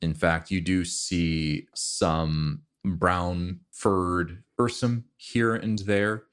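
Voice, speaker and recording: Brief: male game master, very low voice, measured unhurried narration. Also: clean tone. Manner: relaxed, descriptive, with fillers and restarts.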